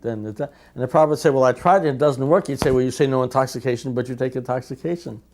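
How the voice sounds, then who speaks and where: A man telling anecdotes in a lively way, acting out the quotes he recalls. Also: medium pitch, fast. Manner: lively storyteller, acts out quotes. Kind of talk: anecdotal storytelling.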